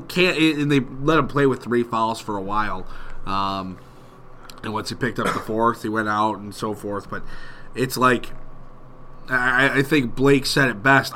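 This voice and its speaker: A man's voice: mid-range voice, bright, forceful tone, a little hiss or hum. A man co-hosting a sports podcast, joking around and rambling through his points. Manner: jokey, rambling. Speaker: podcast co-host. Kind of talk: casual sports chat.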